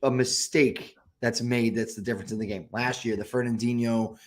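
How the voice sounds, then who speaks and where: A man co-hosting a football podcast in easy chat, laying out his points in a measured, analytical way and readily agreeing with his partner. His voice is mid-pitched. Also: fairly even intonation. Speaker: podcast co-host.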